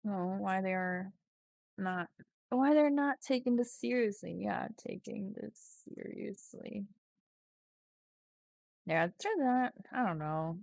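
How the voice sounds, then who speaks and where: A woman streamer casually reading a text adventure game aloud, playful and giggly, often breaking into loud mock shouting. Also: medium pitch, slow pace, vocal fry, long pauses, dry recording, clean studio sound.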